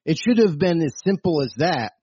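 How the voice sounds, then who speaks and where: Husky man calmly explaining. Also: fairly high pitch, moderate pace, dull audio. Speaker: panel guest. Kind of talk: casual panel commentary.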